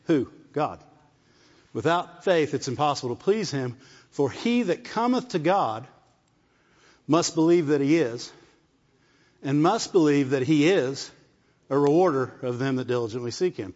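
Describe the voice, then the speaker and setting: A man delivers a sermon in a fairly high voice, checking in with the listeners and repeating phrases as he builds his point. His voice carries a long reverb from a large hall. The sound is dull and muffled. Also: expressive, a little slow, long pauses, darkish tone. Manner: call-and-response asides, repeats phrases. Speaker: preacher.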